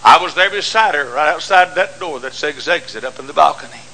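An older man preaching a sermon, swinging from shouts to hushed storytelling. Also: a little high, expressive, brisk, low-quality recording.

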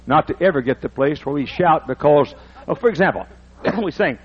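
A man preaching a sermon, dropping to low talk and rising to shouted, half-sung hymn lines. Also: expressive, normal speed, highs cut off. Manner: swings from low mutter to shouted singing of hymns. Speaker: pastor.

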